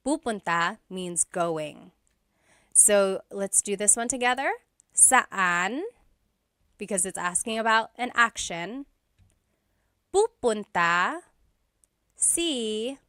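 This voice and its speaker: A woman teaching a language lesson, explaining slowly and carefully with repeated example phrases. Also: medium pitch, pushed and bright, dry recording, studio quality.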